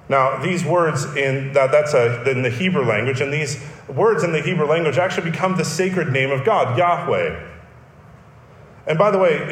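A man's voice: mid-range voice, reverberant. A man preaching a sermon, explaining a text in an earnest teaching manner with emphatic repetition. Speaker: pastor.

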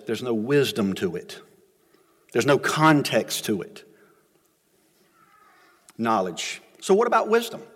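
A middle-aged pastor, preaching a sermon in a folksy storytelling way that swings between loud and soft. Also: male voice, medium pitch, in a large hall. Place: church sanctuary.

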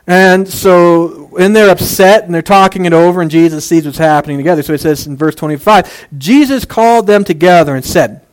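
A man's voice: high-pitched, fairly quick, hardly any pauses. A man preaching a casual, conversational sermon, making jokey asides and using plenty of fillers. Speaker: pastor.

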